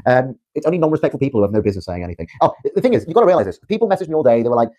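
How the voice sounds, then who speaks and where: A man's voice: medium pitch, very animated, racing, mellow. A young man from Britain on a livestream, ranting defiantly with rambling restarts. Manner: rambling, repetitive, stumbling restarts.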